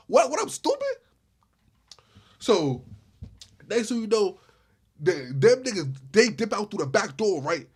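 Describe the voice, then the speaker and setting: A man telling a true story in a casual storytime vlog, animated, with lots of repeated starts like "I said, I said". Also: high-pitched, normal speed, pauses often, slightly rough. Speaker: storyteller vlogger.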